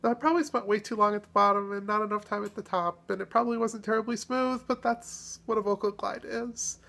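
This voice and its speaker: A woman chatting casually in a vlog, relaxed and self-deprecating, pausing often as she thinks. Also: mid-range voice, vocal fry. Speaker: video blogger.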